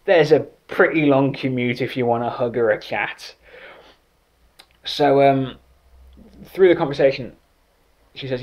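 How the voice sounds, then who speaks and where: An English man with an English accent telling a funny story, wry and self-deprecating, at a middle pitch. His voice comes through a slightly dull, lo-fi recording. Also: measured pace, pauses often. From England. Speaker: writer. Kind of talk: comic storytelling vlog.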